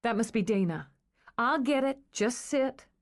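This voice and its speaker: A woman reading aloud, voicing a brisk, concerned young woman who fusses over a friend. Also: fairly high pitch, expressive, pitched above the performer's own voice. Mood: bustling.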